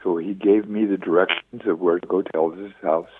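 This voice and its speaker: A man in his seventies, a radio interview guest, telling stories with lively acted-out quotes. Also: sits low, brisk, breathy edge, no room sound. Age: 70s. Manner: lively storyteller acting out quoted voices. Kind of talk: phone-in radio interview storytelling. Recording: tinny dry phone line.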